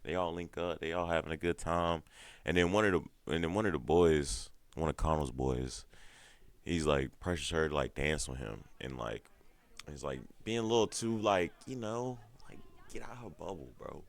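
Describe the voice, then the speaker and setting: A man's voice: very deep voice, moderate pace, dry recording. A man with a stuffed-up nose giving a heated, rambling TV show recap full of swearing. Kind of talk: casual profane TV recap.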